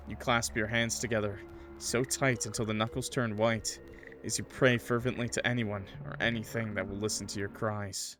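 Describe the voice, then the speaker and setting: A man's voice: on the low side, level tone, moderate pace, a bit bright, faint music behind. A man streaming a horror visual novel, reading it aloud dramatically with casual joking asides. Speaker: gaming streamer.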